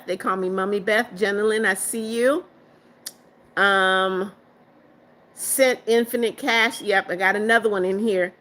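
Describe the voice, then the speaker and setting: A woman hosting a live stream, reading viewer comments aloud and answering them, firm and quick to block trolls. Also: mid-range voice, fairly bright tone. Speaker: livestream host.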